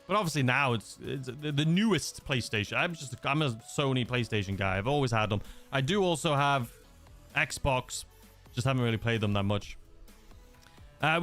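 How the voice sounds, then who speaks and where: This young gaming streamer from England chats casually through viewer messages, rambling with plenty of fillers and false starts. His mid-range voice is expressive and fairly bright at a moderate pace, his accent mixed English leaning slightly Scouse, with soft music in the background.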